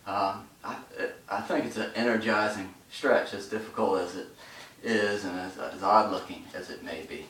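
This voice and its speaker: A man talks through a stretching routine while holding each position, his low voice breaking into short phrases as he catches his breath. He sounds winded from the effort. The mic sits far from him in an echoey room, with faint ambient noise behind. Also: steady tone, normal speed, hardly any pauses, fairly bright tone. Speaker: stretching instructor. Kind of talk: instructional demonstration.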